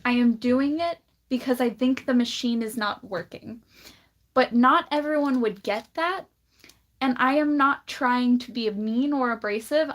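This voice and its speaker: A woman's voice: a little high, fairly bright tone. A woman chatting casually on a livestream, blunt and laughing often, with a slight lisp. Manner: blunt, laughs often, drawls words out slowly.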